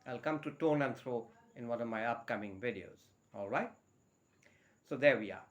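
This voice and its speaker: Male tutor, mid pitch, spells words slowly and repeats them. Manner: switches between English and Bengali. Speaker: English teacher. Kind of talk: spoken English lesson.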